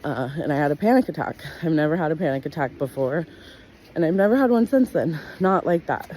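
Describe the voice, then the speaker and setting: A woman's voice: fairly quick, slight background noise. A woman telling her own life story to camera in a candid, blunt way, swearing freely and filling her talk with "like.". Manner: blunt and profane, with frequent "like" fillers; animated, jumps in pitch when acting out her own past words. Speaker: wellness practitioner sharing her life story.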